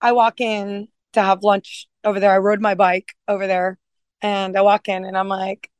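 A woman guest on a food podcast, telling animated stories in casual chat and swearing freely. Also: mid-range voice, moderate pace, clear, resonant tone, dry recording.

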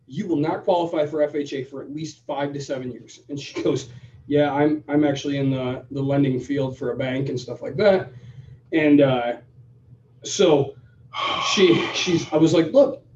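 A man co-hosting a podcast, telling a story in a casual, animated way and acting out both sides of the conversation. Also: fairly high pitch, moderate pace, slight background noise. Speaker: podcast co-host. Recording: roomy, distant, dull sound.

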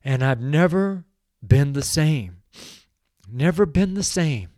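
Tearful, slow-speaking devotional podcast man. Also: a little high, animated, a little mellow, dry recording, studio quality. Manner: emotional, tearful, slow and earnest. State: choked up with tears. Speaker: podcast host. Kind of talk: devotional prayer and testimony.

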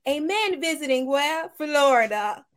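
A woman's voice: high voice, expressive, measured pace. A woman reading news stories on a comedy morning show, giggling and breaking into laughter as she reads.

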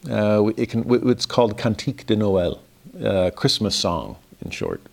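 A man's voice: on the low side, expressive, normal speed, creaky. A man, giving a devotional Christmas lesson in an earnest, reflective way with some self-deprecating humor. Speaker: religious teacher.

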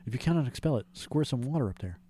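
A man's voice: mid-range voice, animated, quick pace, dark tone. Crude joking podcast host man. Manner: crude, laughing, mock-formal reading. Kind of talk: casual comedic chat, reading listener posts aloud.

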